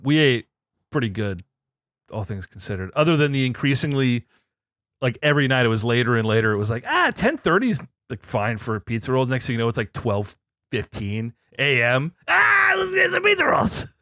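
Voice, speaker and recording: Male podcast host, lively swooping delivery, loud laughing banter, dry close mic. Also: medium pitch, a little fast, dry recording. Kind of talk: casual gaming podcast chat.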